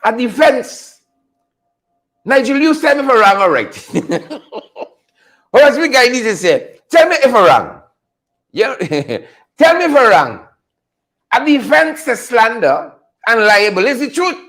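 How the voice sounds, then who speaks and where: High, lively man laughing as he talks. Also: a little slow, pauses often. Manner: teasing, laughs often, repeats phrases. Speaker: host. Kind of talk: casual political commentary.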